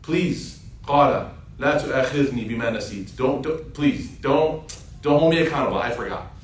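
A man's voice: racing, a little hiss or hum, close to an everyday voice. A man voicing an alarmed, exasperated male prophet who cries out in indignation and pleads for forgiveness. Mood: pleading. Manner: high-pitched, indignant outbursts. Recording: echoey room, distant mic.

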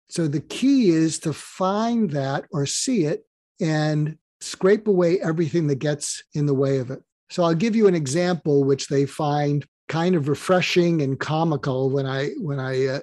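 A man's voice: fairly high pitch, dry recording. A man talking as a podcast guest, explaining his ideas through stories and acting out little bits of dialogue. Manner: animated storyteller who acts out dialogue. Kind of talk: conversational interview, explaining with stories.

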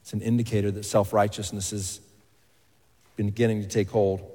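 A man preaching a sermon as pastor, emphatic, rising to loud exclamations and dropping to hushed asides. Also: lowish voice, little pitch movement, normal speed. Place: church hall. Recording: long reverb of a large hall.

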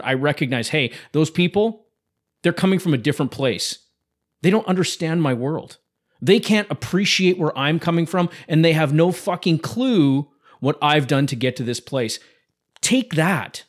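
Man, podcast host, motivational monologue, blunt, lots of swearing, slightly high voice. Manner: blunt, heavy swearing, pep-talk delivery.

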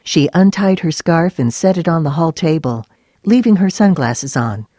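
Female narrator, low voice, even storybook reading, dry close sound. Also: moderate pace, no echo. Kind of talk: scripted narration.

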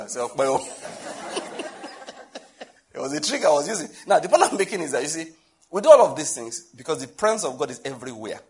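A Nigerian pastor preaching a sermon in a conversational, humorous way, often asking the listeners questions. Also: male voice, a little high, a bit bright.

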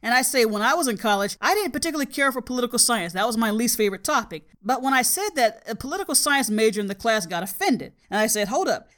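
A woman in middle age with a slightly high voice talks straight to her listeners in a podcast monologue. She tells stories from her own life plainly and with dry wit. Her speech carries no regional accent. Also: lively intonation, fast, hardly any pauses, a bit bright. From US South. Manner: frank, storytelling, dryly humorous. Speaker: podcast host and college biology teacher.

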